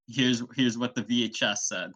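A young man hosting a podcast solo, telling an absurd story in a rambling, deadpan way. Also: medium pitch, moderate pace, lo-fi sound. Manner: rambling, deadpan, self-interviewing.

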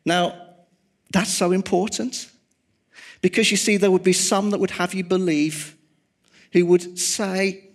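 A man preaching a sermon, swinging from loud emphasis to hushed, quiet tones. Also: high voice, fairly even intonation, measured pace, long pauses.

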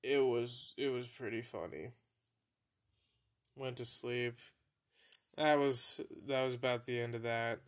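A man's voice: medium pitch, slow, long pauses. A young man hosting a podcast, casually telling embarrassing stories, swearing freely and laughing at himself. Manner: profane, laughing at his own embarrassing stories. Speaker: podcast host. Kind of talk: casual storytelling.

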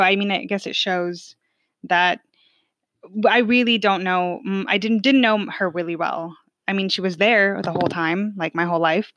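A woman's voice: mid-range voice, a bit bright, no echo. Chatty young woman telling a story. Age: 20s. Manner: chatty, many fillers like "like" and "um". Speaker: podcast host telling a personal story. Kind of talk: casual personal storytelling.

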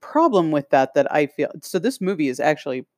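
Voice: medium pitch, very animated, fairly quick, darkish tone, no room sound, studio quality. A podcast co-host chatting casually, who hesitates and searches for words. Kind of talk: casual chat.

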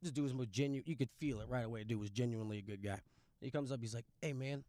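A man's voice: medium pitch, quick pace, dark tone, no echo, clean studio sound. A man from Louisiana, telling a profane, blunt story in casual chat as a podcast guest.

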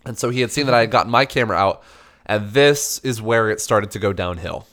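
A young man casually telling a story, animated, swearing and acting out the people in it. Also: fast. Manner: animated, swearing, acts out dialogue in a higher voice.

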